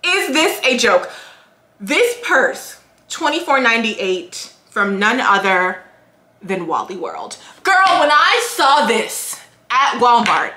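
A young woman chatting casually as a fashion vlogger, animated and full of fillers, showing off clothes she bought. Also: a little high, slow. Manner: chatty, animated, lots of "like" and "girl". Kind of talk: casual haul chat. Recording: echoey room.

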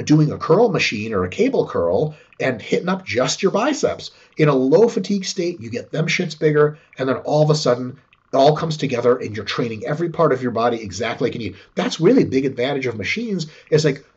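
A man with a husky, medium-pitched voice speaks as a podcast guest and sport scientist, caught on a muffled recording. In an animated conversation about training, he swears freely and acts out little dialogues.

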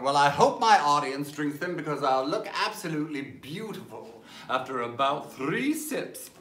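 Campy Southern cabaret host, darling-drenched. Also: male voice, fairly high pitch, pushed and bright, roomy sound. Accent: Southern American. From Maryland, USA. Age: 50s. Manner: theatrical, languid, calls everyone darling. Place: home during lockdown livestream.

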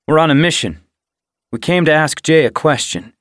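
A man's voice: fairly high pitch, very animated, normal speed, a bit bright, dry recording, studio quality, voice pushed up. A man voicing a friendly, eager young house tomcat in an audiobook, speaking cheerfully.

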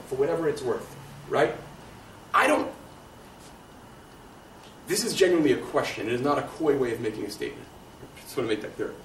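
Conversational male lecturer in an echoey room. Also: on the high side. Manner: conversational, thinks aloud with frequent "right?". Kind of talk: lecture answering audience questions. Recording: echoey room, distant mic, faint hiss.

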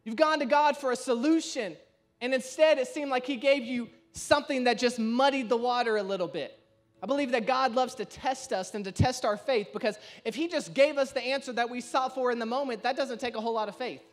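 A man preaching a sermon, telling a story with lively acted-out quotes. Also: a little fast, soft background music. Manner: animated storytelling, acts out quoted voices with shifts in pitch and loudness. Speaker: pastor.

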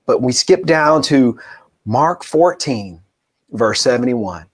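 A male pastor preaching with a high, lifted voice. He tells stories with animation and acts out each quoted voice. He sounds like he is speaking from a church pulpit. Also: big pitch swings, normal speed. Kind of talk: sermon.

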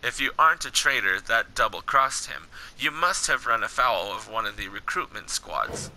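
Guy reading a polite fighter who calms you down, plain read, bright voice. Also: on the low side, moderate pace, slight background noise, pitched below the performer's own voice, low-quality recording.

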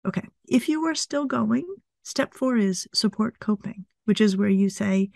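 A middle-aged woman psychologist, a guest in an interview, explaining things calmly step by step. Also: a little high, moderate pace, vocal fry, no room sound, clean studio sound.

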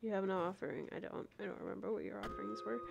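A woman's voice: mid-range voice, rapid-fire, gravelly, dull audio, a little hiss or hum. A young woman live-streaming a game, giggling often, rambling, and reading the game text aloud.

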